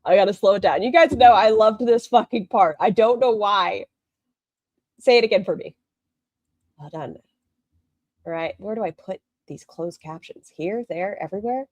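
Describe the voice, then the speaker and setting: A woman's voice: medium pitch, normal speed, pauses often, a little mellow, no echo. A woman streamer reacting to a video with blunt, sarcastic commentary and plenty of swearing.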